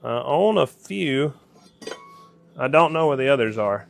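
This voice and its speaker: An unhurried Southern US workshop maker casually explains each step to himself. His mid-range voice is creaky but lively in intonation, over slight background noise.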